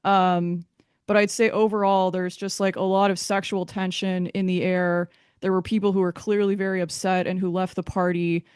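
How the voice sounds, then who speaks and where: A woman's voice: fairly low pitch, little pitch movement, normal speed, darkish tone, smooth, no echo, clean studio sound. A woman being interviewed, giving a candid personal account in a hesitant way, often restarting her sentences.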